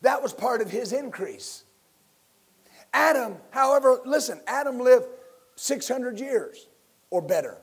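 A man preaching a sermon as pastor, building to loud emphatic bursts and leading his listeners in call-and-response. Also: very high voice, lively intonation, measured pace, pauses often, husky.

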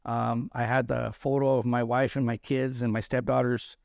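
A man's voice: medium pitch, level tone, moderate pace, creaky, a little mellow, no echo, clean studio sound. A middle-aged man from East Los Angeles, an Army combat veteran telling his story in an interview, speaking bluntly with profanity and repeated words. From East Los Angeles, USA. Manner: blunt, profane, repeats words when emotional, acts out quoted voices.

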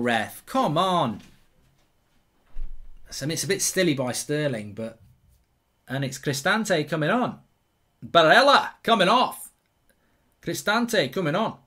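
An English man hosting a live football watchalong, reacting excitably and swearing freely at the match. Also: fairly high pitch, measured pace, long pauses. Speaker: YouTube football host.

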